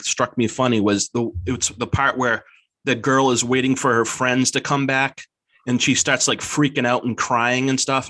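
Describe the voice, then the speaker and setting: A man's voice: mid-range voice, a bit bright, dry recording, clean studio sound. A man guest on a podcast, rambling casually about a movie, filling nearly every phrase with "like" and laughing easily. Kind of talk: casual chat.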